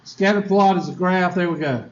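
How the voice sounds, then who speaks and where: A man's voice: high voice, moderate pace, a little hiss or hum. A man teaching statistics in a classroom lecture, folksy and chatty, quizzing his students with asides. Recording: echoey lo-fi classroom recording.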